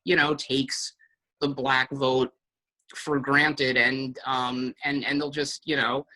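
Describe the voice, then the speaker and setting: A man's voice: medium pitch, little pitch movement, takes it slowly, pushed and bright, low-quality recording. A man who is a guest on a casual podcast, speaking hesitantly and thinking aloud with many fillers.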